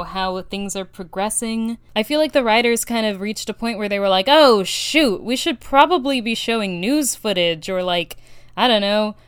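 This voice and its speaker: A young woman reviewing a show in a sarcastic commentary, sliding into mock gushing excitement. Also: mid-range voice, clean tone, no room sound.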